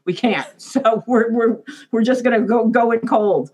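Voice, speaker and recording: A woman's voice: fairly high pitch, fairly even intonation, unhurried, warm tone, poor audio. A woman, a former lighting designer for a band, reminiscing in an interview, chatty and laughing often as she tells stories. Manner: chatty storyteller who laughs often and acts out quotes.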